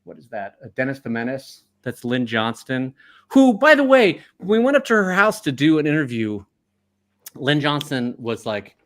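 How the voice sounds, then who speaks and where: A male cartoonist chatting casually from his art studio over a webcam video call, animated and self-deprecating. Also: medium pitch, moderate pace. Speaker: guest cartoonist. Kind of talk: casual chat.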